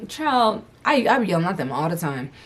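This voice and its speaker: A woman's voice: on the low side, very animated, fairly quick. A young adult woman at home answering viewer questions about motherhood in a candid, loose, casual chat. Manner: frank, candid, loose and chatty.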